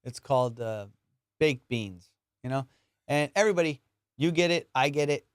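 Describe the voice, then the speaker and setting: A man's voice: medium pitch, lively intonation, moderate pace, clear, resonant tone, no echo, studio quality. A man hosting a comedy podcast, riffing in a casual, profane way and slipping into put-on voices.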